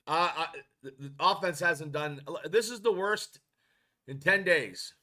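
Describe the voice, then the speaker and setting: A man's voice: on the high side, measured pace, pushed and bright. A man hosting a casual football podcast, rambling and frustrated, with many restarts as he reads chat comments. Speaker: podcast host.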